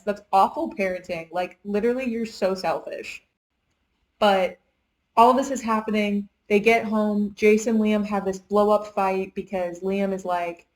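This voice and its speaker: Casual young woman book reviewer, middle pitch, rambling plot recap. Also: steady tone, measured pace, rough recording. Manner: chatty retelling, heavy use of "like". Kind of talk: casual chat.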